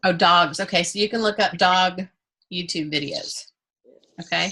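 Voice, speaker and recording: Woman teacher, bright and a touch raspy, chatty and joking with her class. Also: lowish voice, moderate pace. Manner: candid and joking, with playful self-talk. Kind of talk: casual, chatty class talk.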